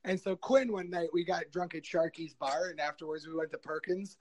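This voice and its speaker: A man, a wrestler guest, telling stories in a rambling, animated way with many restarts. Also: a little high, brisk, poor audio. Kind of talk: casual storytelling.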